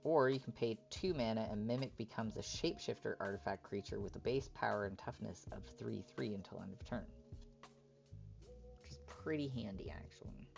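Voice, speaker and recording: Guy streaming pack openings, raspy gravelly voice, laid-back chatter, reads each card out loud. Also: fairly low pitch, normal speed, faint music behind. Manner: reads card text aloud in a relaxed running commentary. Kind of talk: casual live-stream chat.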